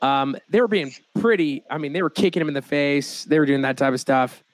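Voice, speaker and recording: A young American man hosts a casual podcast in a slightly high voice, joking and laughing as he goes. The sound is dry and close to the mic. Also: fairly quick, dry recording. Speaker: podcast host.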